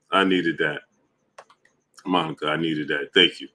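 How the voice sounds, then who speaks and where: A man's voice: very deep voice, steady tone, a little slow, pauses often, pushed and bright. A man hosting a live stream, laughing a lot and greeting viewers by name in casual talk. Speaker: livestream host reading chat.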